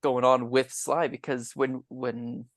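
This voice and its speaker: A man's voice: medium pitch, flat delivery, takes it slowly, no echo, clean studio sound. A man chatting as a tabletop game player, rambling in a bemused way. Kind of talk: casual chat.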